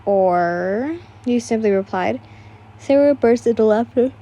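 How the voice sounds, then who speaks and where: Tired, husky young woman reading fan fiction. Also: fairly high pitch, steady tone, normal speed, dark tone, highs cut off. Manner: chatty, breaks off for asides and apologies. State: tired, yawning. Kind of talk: casual story reading.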